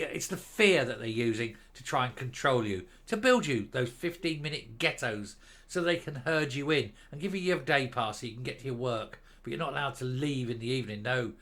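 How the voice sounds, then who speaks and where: A man's voice: mid-range voice, fairly bright tone. An older man giving an indignant, sarcastic political rant, blunt and crude. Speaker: political commentator. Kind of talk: ranting online commentary.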